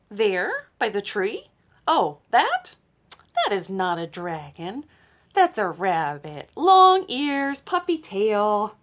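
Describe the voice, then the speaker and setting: A woman librarian reading a picture book aloud to children, playful and teasing, with dramatic gasps and hushed asides. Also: mid-range voice, wildly swooping pitch, slow pace.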